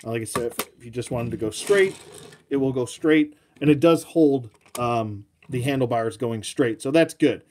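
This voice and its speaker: A man's voice: medium pitch, moderate pace, a little mellow, slight background noise. A man giving a casual toy review, rambling and joking, with lots of ums and uhs.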